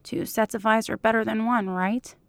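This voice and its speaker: A woman reading the part of an eager middle-aged man, speaking in a soft, breathy half-whisper in a fan fiction audiobook. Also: fairly high pitch, fairly even intonation, moderate pace, dry recording. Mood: hushed, eager.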